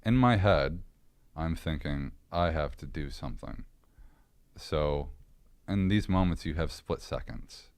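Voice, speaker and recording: A man's voice: rumbling low, no echo. A man as a podcast guest, earnestly and candidly recounting a personal story in a casual interview.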